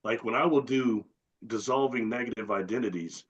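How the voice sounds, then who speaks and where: A man as a guest in a casual chat, explaining ideas slowly and deliberately and listing terms one by one. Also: medium pitch, breathy edge, dull audio.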